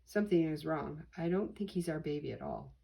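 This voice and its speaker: A fussy, doubtful mother bird from a picture book, as a grandmother puts her on while reading. She questions everything in a low, faintly husky voice. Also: animated, a little fast, dark tone, heavily acted.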